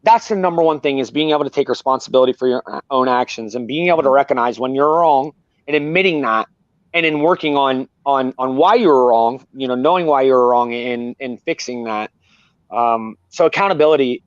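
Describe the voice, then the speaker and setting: A man's voice: mid-range voice, brisk, no room sound, highs cut off. A man talking candidly and earnestly as a guest, rambling and repeating himself. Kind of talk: candid personal talk.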